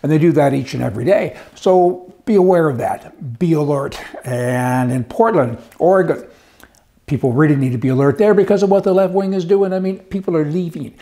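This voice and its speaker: A man's voice: on the high side, brisk, mellow. A middle-aged man doing a casual political commentary monologue, folksy and sarcastic, telling jokes and acting out quotes in mock voices. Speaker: commentary host.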